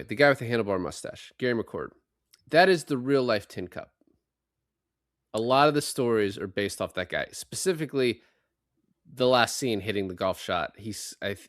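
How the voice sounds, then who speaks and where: Low-voiced man, excitable podcast host. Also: dry recording, clean studio sound. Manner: excitable, profane, recounting scenes. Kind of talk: casual movie-review chat.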